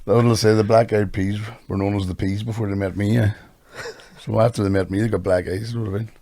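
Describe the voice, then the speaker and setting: A man's voice: on the low side, little pitch movement, quick pace, gravelly, mellow, no room sound. A man hosting a podcast, telling crude stories with lots of swearing and laughter. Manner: crude, storytelling, laughs often. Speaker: podcast host and comedian. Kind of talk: casual banter.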